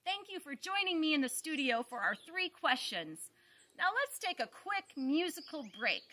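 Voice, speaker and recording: Female kids' show host, high bright voice, encouraging studio delivery. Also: sing-song, normal speed. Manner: cheerful, encouraging. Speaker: host of a children's science show. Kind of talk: upbeat instructions to kids.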